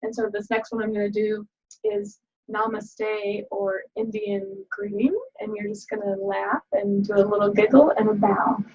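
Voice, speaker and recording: A woman's voice: mid-range voice, animated, moderate pace, a little mellow, slightly rough. A middle-aged woman leading a laughter yoga class, chatty and upbeat, often laughing as she explains. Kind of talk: guided laughter exercise video. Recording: dull lo-fi sound.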